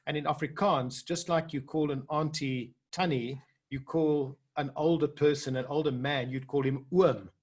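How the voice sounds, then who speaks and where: A man's voice: a little high, steady tone, moderate pace, a little mellow, breathy edge. A middle-aged man hosting a casual video-call interview in an easygoing, friendly way. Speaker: interviewer, host.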